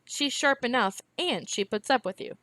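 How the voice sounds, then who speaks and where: A woman reading aloud, voicing a sharp-tongued woman healer who speaks mockingly and scornfully. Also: fairly high pitch, animated, normal speed, no echo, pitched above the performer's own voice.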